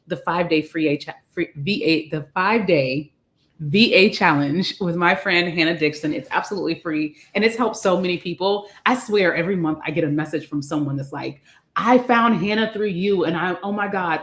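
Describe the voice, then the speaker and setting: A woman hosting a live stream with guests, bubbly and animated, sometimes tripping over her words. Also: low voice. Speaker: livestream host. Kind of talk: upbeat live stream chat.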